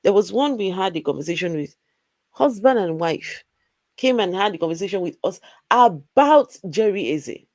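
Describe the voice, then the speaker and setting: A woman's voice: medium pitch, expressive, moderate pace, a little mellow, dry recording. A woman hosting a casual live stream, blunt and exasperated as she comments to her co-host.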